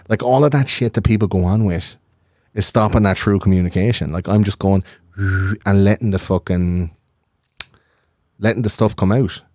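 A man in his thirties, a podcast guest, talking in a rambling, profane, animated way. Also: lowish voice, moderate pace, no echo, studio quality. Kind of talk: casual conversation.

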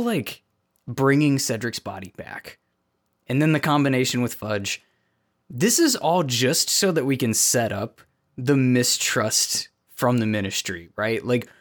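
Lively-voiced man, podcast guest. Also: medium pitch, unhurried. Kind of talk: casual chat.

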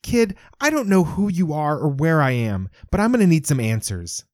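A man's voice: fairly high pitch, huge pitch swings, a little slow, mellow, slightly rough, dry recording, studio quality, voice pushed up, heavily acted. A man voicing a young woman possessed by an old man's spirit, speaking in a 1940s movie accent with brusque, urgent demands, as an audiobook character. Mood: demanding.

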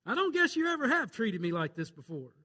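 A bewildered soothsayer caught talking to his own donkey, as a Southern preacher plays him. He answers in a high, sheepish drawl inside a sermon story. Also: very animated, fairly quick, pushed and bright, heavily acted.

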